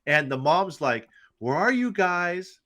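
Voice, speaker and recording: A man co-hosting a casual movie review podcast, crudely joking and retelling scenes with quick impressions. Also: high-pitched, big pitch swings, bright, forceful tone. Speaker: podcast co-host.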